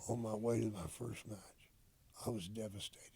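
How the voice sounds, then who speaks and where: An older man, a retired wrestler, telling stories in a casual interview, profane and animated as he acts out old conversations. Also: fairly low pitch, moderate pace. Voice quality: gravelly, husky. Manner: profane, animated storyteller acting out quoted dialogue.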